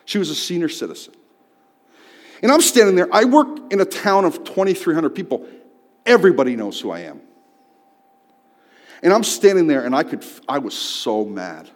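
A man telling a personal story in a sermon, swinging from loud outbursts to hushed tones. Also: fairly high pitch, sing-song, normal speed, long pauses. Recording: long hall reverb.

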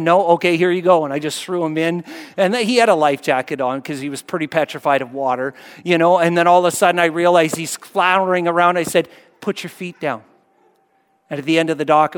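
High-voiced man preaching in reverberant hall. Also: smooth. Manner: emphatic, repetitive preaching cadence, swelling then dropping soft. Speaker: pastor. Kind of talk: sermon.

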